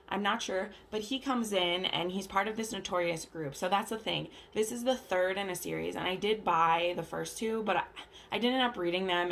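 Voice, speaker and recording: A woman with a lowish, gravelly voice chats casually about books, filler words everywhere. She is recording at home in her bathroom on a camera hung from the shower curtain. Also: fairly bright tone, slight background noise. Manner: chatty, lots of "like" and "um", acts out characters' lines. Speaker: book vlogger. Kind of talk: casual book chat.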